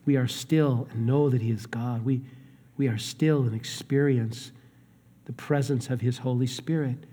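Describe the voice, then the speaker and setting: A man preaching a sermon, swinging between hushed, low lines and raised, emphatic ones. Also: steady tone, a little slow, slightly rough. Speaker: pastor. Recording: long hall reverb.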